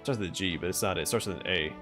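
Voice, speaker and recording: A man's voice: deep voice, very fast, over music. A man streaming a role-playing game, thinking aloud in casual commentary as he plays. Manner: musing, thinking aloud with fillers.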